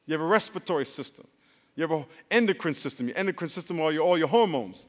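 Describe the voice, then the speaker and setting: A man preaching a sermon as pastor, animated and leading call-and-response with the congregation. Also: fairly high pitch, fast. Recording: long hall reverb.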